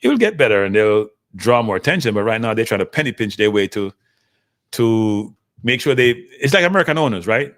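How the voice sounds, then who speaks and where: A man with a slightly low voice hosts a casual livestream about football. He talks in an animated way, calling out to his viewers and answering their comments as they come in. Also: a little fast. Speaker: livestream host.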